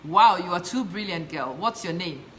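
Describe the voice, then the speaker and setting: A woman from Ghana, speaking with a Ghanaian accent in a low, slightly bright voice with lively intonation and moderate pace, hosts a live stream. She passionately chats and reads out viewer comments, switching between English and Twi, over slight background noise.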